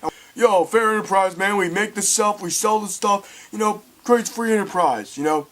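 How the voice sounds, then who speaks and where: A man giving a casual, excitable film review, rambling and swearing as he retells scenes. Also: high voice, moderate pace.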